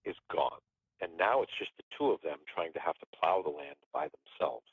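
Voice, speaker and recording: A man's voice: sits low, expressive, moderate pace, husky, no room sound. A man telling a story as a podcast guest in a casual, rambling way, often restarting his phrases. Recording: tinny phone-line sound.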